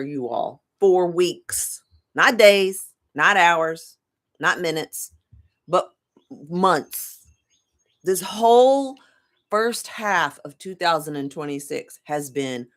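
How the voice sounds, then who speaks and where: A woman's voice: fairly low pitch, lively intonation, slow, fairly bright tone. A middle-aged woman talking casually to camera as a tarot reader, rambling, laughing often and swearing freely. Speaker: tarot reader and life coach.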